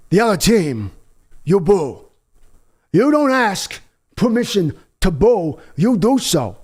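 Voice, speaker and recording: A man's voice: high-pitched, exaggerated voice. A man impersonating a fiery male football coach who delivers a rousing, emphatic locker-room speech.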